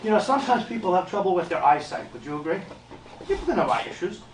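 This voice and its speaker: Blunt high-voiced man in echoey hall. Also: sing-song, quick pace, background noise. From United States. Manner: blunt, emphatic, repeats phrases, joking asides. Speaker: medium. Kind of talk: live stage talk to an audience. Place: live event hall. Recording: echoey room, mic from a distance.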